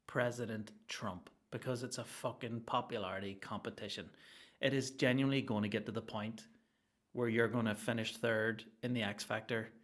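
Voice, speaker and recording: Ranting Northern Irish man, swearing freely. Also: medium pitch. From Northern Ireland. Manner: swearing, animated, jumps between topics. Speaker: podcast host. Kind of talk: solo comedic podcast rant.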